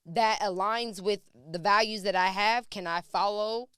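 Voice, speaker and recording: A woman's voice: mid-range voice, fairly even intonation, measured pace, a bit bright, clean tone, dry recording. A woman co-hosting a podcast in a studio, talking in casual chat and firing off emphatic, repeated questions. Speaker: podcast co-host. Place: podcast studio under hot lights.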